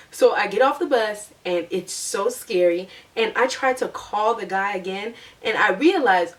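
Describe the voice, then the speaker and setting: A young woman tells a story to her vlog audience in a chatty, animated way and acts out what she said back then. Her pitch is middling for a woman, and her voice sounds a little distant from the mic. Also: moderate pace. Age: young adult. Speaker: vlogger.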